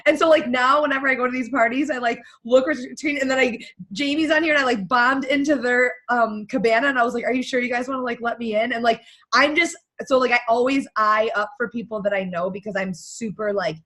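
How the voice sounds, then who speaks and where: Blunt, energetic woman coach. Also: fairly high pitch, fairly quick. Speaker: guest coach. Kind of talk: motivational talk on a team call.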